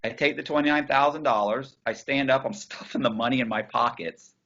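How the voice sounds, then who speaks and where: A man's voice: medium pitch, a little fast, sharp tone, muffled recording. A man in an interview telling a story casually and bluntly, acting out the dialogue and swearing freely. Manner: acts out dialogue from his story.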